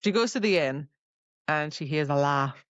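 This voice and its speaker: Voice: medium pitch, lively intonation, moderate pace, fairly bright tone, no echo, lo-fi sound. A podcast co-host casually recapping a book's plot in a rambling way and quoting its dialogue. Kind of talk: casual book discussion.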